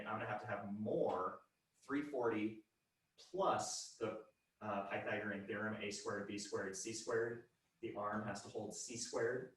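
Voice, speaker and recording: A high school physics teacher with a lowish, breathy-edged voice gives a casual online lesson. He's chatty and uses his body to demonstrate as he explains.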